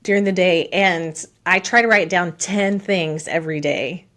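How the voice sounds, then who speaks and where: A woman's voice: lowish voice, a little slow, a bit bright. A middle-aged woman, a podcast guest, chatting casually with frequent laughs and fillers. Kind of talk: casual interview chat.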